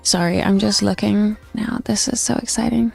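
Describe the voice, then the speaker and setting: A woman's voice: mid-range voice, fairly even intonation, moderate pace, vocal fry, darkish tone, husky, faint music behind. A young woman streaming a cosy game, chatting casually with viewers and reading game lines aloud. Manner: chatty, friendly, often reads game dialogue aloud.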